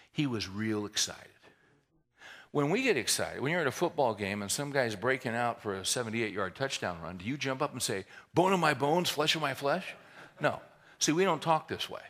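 A male pastor delivering a sermon with a gravelly, rough edge in his voice. His tone is bright and forward, and he preaches animatedly, slipping humorous asides into the teaching. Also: mid-range voice.

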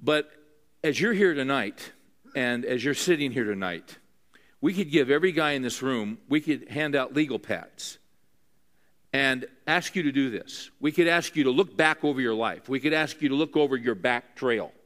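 A man's voice: mid-range voice, lively intonation, normal speed, a bit bright. A man preaching a sermon to a room of men, conversational and earnest, often asking his listeners questions.

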